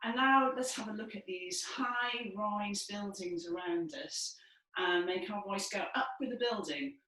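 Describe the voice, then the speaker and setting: A woman, possibly from Wales, leading a guided breathing and vocal warm-up in a lively, encouraging, playful way. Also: medium pitch, unhurried, distant mic. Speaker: dance and movement leader. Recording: echoey room from afar.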